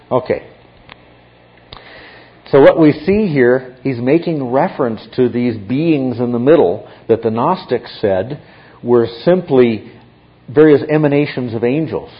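A man's voice: mid-range voice, animated, a little slow. A man teaching a Bible class, explaining step by step and often checking in with his listeners. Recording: dull lo-fi recording.

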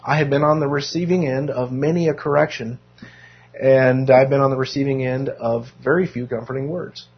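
A man with a very rough, hoarse voice leads a casual Bible class. He talks in an easygoing way, with wry asides and many restarts. The recording sounds dull and lo-fi. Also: medium pitch, steady tone, normal speed. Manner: self-deprecating, joking asides, many restarts.

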